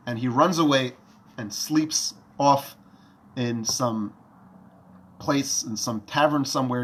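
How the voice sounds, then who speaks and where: A man telling a story in a lesson as a Torah teacher, talking in an animated, lively way. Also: medium pitch.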